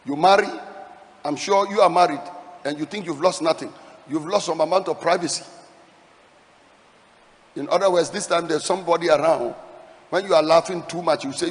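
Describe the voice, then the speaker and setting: A male pastor preaching a sermon, reading scripture aloud with dramatic, slowed emphasis. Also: fairly high pitch. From Ghana. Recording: long hall reverb.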